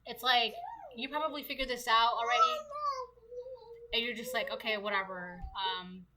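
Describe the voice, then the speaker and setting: A woman's voice: on the high side, normal speed, sharp tone, slight background noise, poor audio. A woman giving a casual tarot reading to her viewers, chatty and repetitive, often asking rhetorical questions. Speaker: tarot reader.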